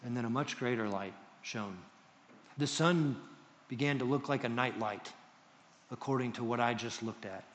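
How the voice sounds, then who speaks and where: A male pastor preaching a sermon to a congregation, moving between loud emphasis and hushed tones. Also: medium pitch, moderate pace, long reverb tail, a little hiss or hum. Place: church hall with congregation.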